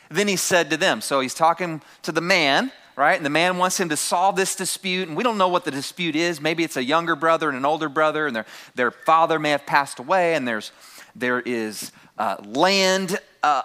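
A man's voice: on the high side, pushed and bright. A man preaching a sermon to his congregation, calling out key phrases and having the room repeat them. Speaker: pastor.

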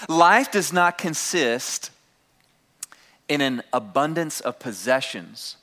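A man's voice: mid-range voice, very animated, takes it slowly, bright, forceful tone. A man preaching a sermon to his congregation, calling out key phrases and having the room repeat them. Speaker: pastor.

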